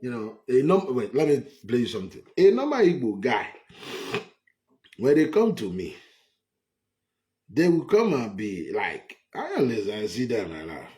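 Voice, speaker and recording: A man's voice: medium pitch, big pitch swings, normal speed, warm tone. A man with a Nigerian English accent giving a heated political monologue, repeating himself for emphasis. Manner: repetitive, emphatic, scornful. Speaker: political commentator.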